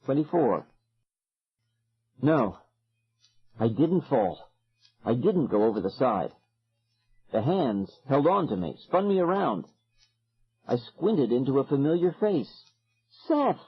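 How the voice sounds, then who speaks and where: A man narrates a horror audiobook in the first person, with a husky, breathy voice and a lively, swinging delivery. The audio is dull and lo-fi, like an older recording. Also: mid-range voice, slow, long pauses. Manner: dramatic, expressive.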